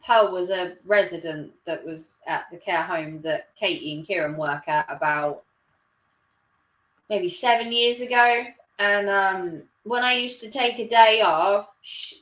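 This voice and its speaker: A woman's voice: medium pitch, fairly bright tone. A woman chatting casually on a live stream, rambling and laughing often. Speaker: livestreamer. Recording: roomy echo.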